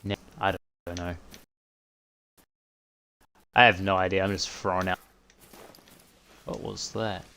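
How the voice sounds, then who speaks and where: Low-voiced man chatting through a hunting game. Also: steady tone, takes it slowly, gravelly, long pauses, bright, forceful tone, smooth. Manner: chatty, thinks aloud, mutters to himself. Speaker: streamer playing a hunting game. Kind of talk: live gameplay commentary.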